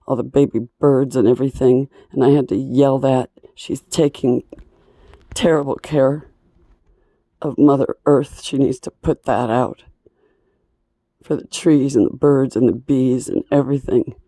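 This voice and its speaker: Woman, hoarse broken voice, slow halting delivery, aggrieved and pleading; dry close sound. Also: very deep voice, steady tone, mellow, no echo. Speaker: singer and breathing teacher. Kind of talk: emotional personal monologue. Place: indoors at home.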